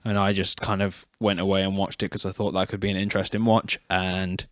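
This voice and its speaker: A man's voice: deep voice, little pitch movement, a little fast, a bit bright, dry recording, clean studio sound. A British man co-hosting a podcast, talking casually and candidly. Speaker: podcast co-host. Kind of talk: casual chat.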